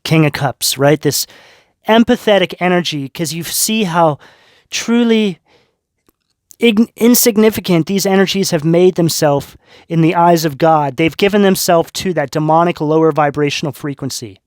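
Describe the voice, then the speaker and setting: In a clean, echo-free studio recording, a man with a fairly high pitch reads tarot for his audience at a moderate pace. He sounds sincere and spiritual, frequently pausing to ask "right?" or "okay?".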